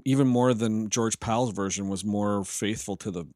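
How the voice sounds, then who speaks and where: A man's voice: fairly low pitch, normal speed, warm tone, no echo, clean studio sound. A man co-hosting a casual chat, easygoing and agreeable, telling stories with animation. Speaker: podcast co-host.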